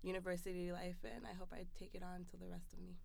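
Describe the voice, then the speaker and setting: A young American woman, a student club president, answering interview questions on a podcast in a relaxed, friendly way. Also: lowish voice, fast talker, vocal fry. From United States. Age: young adult.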